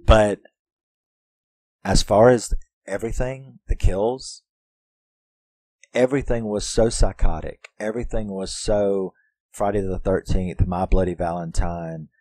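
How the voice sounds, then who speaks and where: Deep slow-talking man reviewing horror films. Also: steady tone, darkish tone, no echo. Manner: profane, laughs often, quotes characters in put-on voices. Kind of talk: casual film review monologue.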